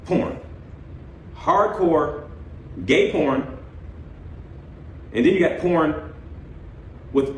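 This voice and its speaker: A man's voice: fairly high pitch, very slow, long pauses, roomy sound, far from the mic, a little hiss or hum, low-quality recording. A man in the role of a parent, scolding in an exasperated, intense voice. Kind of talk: angry lecture.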